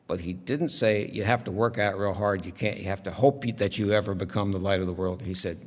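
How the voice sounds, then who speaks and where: A man's voice: low voice, steady tone, fast, few pauses. A male pastor preaching a sermon in a conversational, reflective storytelling way, heard in a church sanctuary. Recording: long reverb of a large hall.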